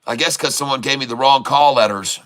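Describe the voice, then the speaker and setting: On a day-trading livestream, a man jokes around with chat and laughs a lot while reading it, then circles back to urgent warnings for his audience. His voice is mid-range and a bit bright, and he talks fairly quickly.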